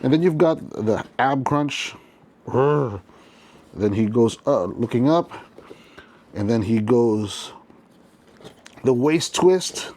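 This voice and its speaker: A man's voice: medium pitch, slow pace, pauses often, darkish tone. Chatty man reviewing a toy. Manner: chatty, thinking aloud while handling a figure. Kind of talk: casual unboxing review.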